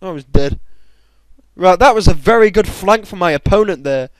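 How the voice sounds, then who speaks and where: A young man giving excitable commentary over his own game, bursting into high shouts at times. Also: moderate pace, no room sound, low-quality recording. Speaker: gamer. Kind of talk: gameplay commentary.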